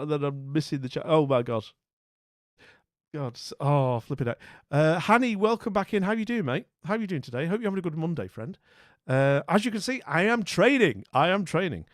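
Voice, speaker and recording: A man's voice: a little high, animated, fairly quick, dry recording, studio quality. A man streaming live, talking casually and rambling as he thinks aloud and greets his viewers. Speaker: streamer playing a geography guessing game.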